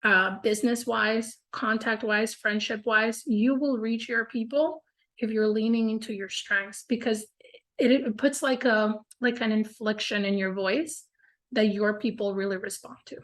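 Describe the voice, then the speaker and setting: Brief: woman host of a coaching circle, upbeat and encouraging, fairly high voice. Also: steady tone, unhurried, a bit bright. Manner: upbeat, encouraging, says "like" and "y'all" often. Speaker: business coach hosting a group call. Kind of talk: casual coaching group chat.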